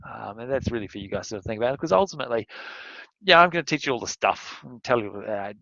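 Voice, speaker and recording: A man's voice: mid-range voice, expressive, quick pace, vocal fry, bright, forceful tone, dry recording, muffled recording. A male university lecturer giving a recorded lesson, rambling and candid, sometimes working himself into a rant. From outside Australia. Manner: rambling, candid, gets worked up and ranting.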